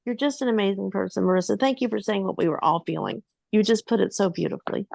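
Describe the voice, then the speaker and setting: A woman's voice: mid-range voice, fast talker, gravelly, a little mellow, no room sound. A woman on a video call speaking passionately in support of the host, stammering as she goes. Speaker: podcast participant. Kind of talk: casual chat on a video call.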